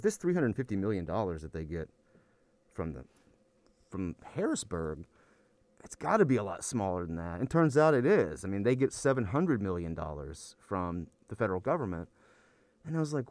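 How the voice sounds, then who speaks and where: A man's voice: on the low side, sing-song, a little fast, a little mellow, no room sound. A man, an anthropology professor, talking in a casual podcast interview, rambling and worn out, often restarting his sentences. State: weary.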